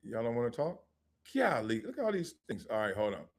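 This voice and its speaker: A middle-aged man, a former football player, hosting a live sports talk stream and telling stories in a lively, joking way. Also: mid-range voice. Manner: animated storytelling with laughs and quick asides.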